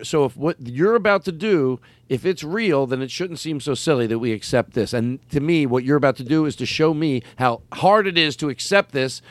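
A man hosting a casual chat, rambling and animated, with many restarts. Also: mid-range voice, no room sound.

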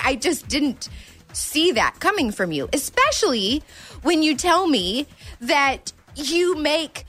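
A woman's voice: sits high, very animated, slow, a bit bright. A woman in casual chat, teasing her co-host and laughing often.

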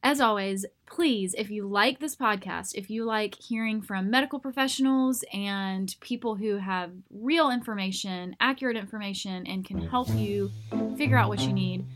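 A woman hosting a podcast, telling a self-mocking story in a casual, animated way and acting out the voices of people she quotes. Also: medium pitch, moderate pace, soft background music. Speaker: podcast host.

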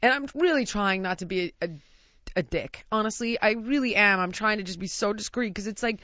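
An American woman telling a lively, laughing anecdote in casual chat. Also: medium pitch, fairly quick, no room sound, muffled recording. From United States.

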